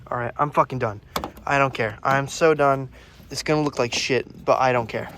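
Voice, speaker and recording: A man's voice: mid-range voice, fairly even intonation, moderate pace, a bit bright, a little hiss or hum. A young man filming himself repairing his car outdoors at night, frustrated and swearing as he mutters to himself. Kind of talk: profane self-filmed repair vlog.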